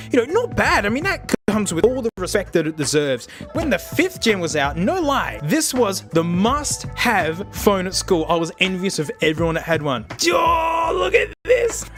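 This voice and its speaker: Excitable Australian man reviewing gadgets. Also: high-pitched. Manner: excitable, jokey, bursts into laughter. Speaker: tech reviewer. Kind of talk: casual video commentary.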